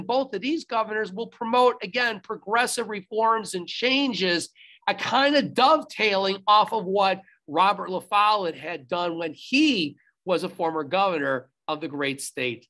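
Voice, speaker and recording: A man's voice: sits high, pushed and bright. A man teaching history in a recorded video lecture, speaking emphatically, repeating instructions and adding asides to the class, recorded on a laptop video-call setup.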